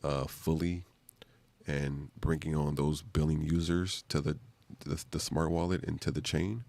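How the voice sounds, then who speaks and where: Super deep gravelly guy rambling on a live stream, lots of "like" and "man". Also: flat delivery, unhurried, a little mellow, dry recording. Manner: rambling, loose slang with many fillers. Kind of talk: casual live-stream commentary.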